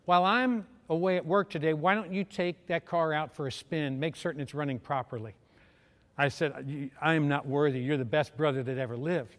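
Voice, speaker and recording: A middle-aged preacher briskly tells a sermon story in a fairly high voice, acting out each character. He's recorded in a reverberant hall.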